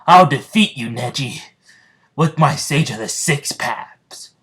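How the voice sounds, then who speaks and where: A man voicing a brash, loud young male ninja who boasts and challenges. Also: mid-range voice, lively intonation, normal speed, natural voice. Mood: challenging.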